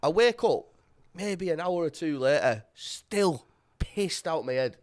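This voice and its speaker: A man with a fairly high voice tells a rowdy story in a podcast studio. His pitch leaps all over the place, and he swears nonstop and laughs his way through the telling. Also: expressive, a little slow. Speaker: podcast guest. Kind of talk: casual storytelling chat.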